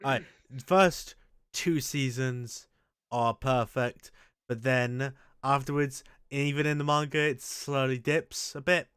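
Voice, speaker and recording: A man's voice: mid-range voice, steady tone, slow pace, fairly bright tone, clear, resonant tone, no echo, studio quality. A man hosting a casual chat, rambling and crude with frequent restarts. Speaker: show host. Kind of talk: casual chat ranking anime.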